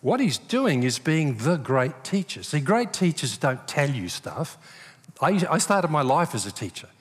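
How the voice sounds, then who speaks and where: Lively pastor in a hall. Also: male voice, on the high side, a little slow, slightly rough. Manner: animated storyteller, acts out quoted voices. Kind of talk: sermon. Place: church hall. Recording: long reverb of a large hall.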